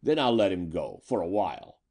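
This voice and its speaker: A man's voice: low-pitched, huge pitch swings, fairly quick, creaky, a little mellow, voice pushed down, heavily acted. A man voicing a ruthless, raging male gangster villain in a storybook reading, who snarls threats and bellows orders. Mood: menacing.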